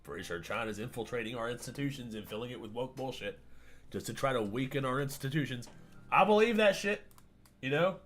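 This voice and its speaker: A man hosting a live reaction stream, ranting loudly, swearing and laughing as he talks. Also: medium pitch, quick pace. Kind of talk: casual reaction stream commentary.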